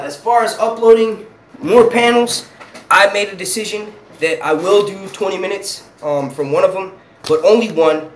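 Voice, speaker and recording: In a casual live stream chat, a young man from Philadelphia who runs his own YouTube channel talks in a rambling, profane way, laughing often. His voice sits on the high side, with slight background noise.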